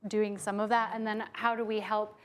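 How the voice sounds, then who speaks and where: A woman's voice: medium pitch, little pitch movement, normal speed. Chatty British woman on a panel. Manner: chatty, lots of "like" fillers. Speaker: choreographer. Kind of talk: panel discussion answer.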